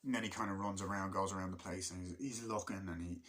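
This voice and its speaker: Rambling, profane man with a bright voice. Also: deep voice, fairly even intonation. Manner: rambling, swears a lot, acts out scenes in quick impressions. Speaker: movie reviewer. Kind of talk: casual movie review.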